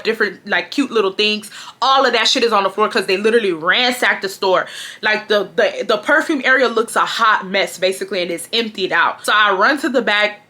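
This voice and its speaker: A woman in her twenties from Texas, telling a casual storytime in an animated, slangy way. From Houston, Texas. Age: 20s. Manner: animated, slangy, swings into high shouted quotes. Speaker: storytime vlogger.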